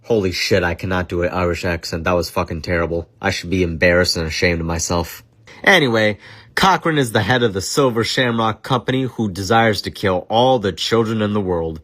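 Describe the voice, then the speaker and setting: Host: a low-voiced man reviewing films, crude and jokey. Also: a little fast, fairly bright tone. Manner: crude, joking, swears a lot. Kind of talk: casual profane film commentary.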